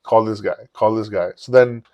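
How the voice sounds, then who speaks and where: A man's voice: fairly low pitch, normal speed, mellow, no room sound. A man, a podcast host telling a rambling, profane story and acting out the quotes. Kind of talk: casual storytelling.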